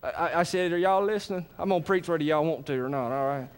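A man preaches in a high, bright-pitched voice. He is animated and folksy, often stopping to check that the congregation is with him. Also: fast talker, clean tone. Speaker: pastor. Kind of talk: sermon.

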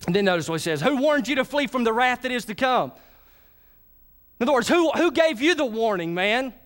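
A pastor preaches a sermon in an extremely high-pitched voice at a brisk pace. He's lively and calls on the congregation to answer him.

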